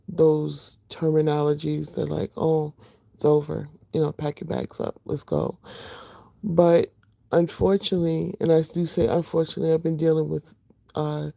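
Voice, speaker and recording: A middle-aged woman hosting a casual livestream, just woken up with a rough voice, chatting to her viewers with lots of fillers. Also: deep voice, no echo, clean studio sound. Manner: chatty, warm greetings to viewers, many fillers. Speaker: livestream host.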